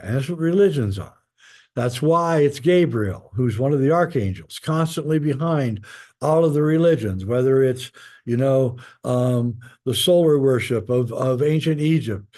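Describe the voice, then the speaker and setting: A man, a guest author, talking in a rambling, casual way with many pauses and fillers while telling stories. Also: on the high side, a little mellow. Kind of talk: casual spoken storytelling.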